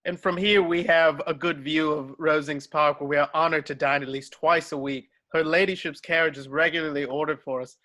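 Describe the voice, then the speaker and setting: A man's voice: a little high, fairly even intonation, a little fast, few pauses, sharp tone. A man reading the part of a pompous, fawning clergyman in an amateur script reading. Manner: pompous, fussy.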